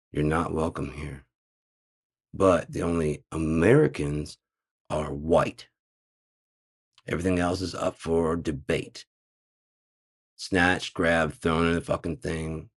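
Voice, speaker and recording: Man, very low voice, gravelly, sarcastic profane rant. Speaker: host. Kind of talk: casual ranting monologue.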